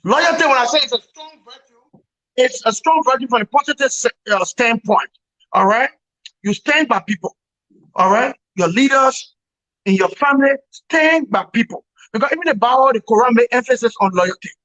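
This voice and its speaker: Man ranting about politics, sharp bright voice, repeats himself, remote call. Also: extremely high pitch, expressive, normal speed. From Liberia. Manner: emphatic, repeats words, laughs wryly. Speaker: political commentator. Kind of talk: opinionated commentary on a talk show. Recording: dull lo-fi call audio.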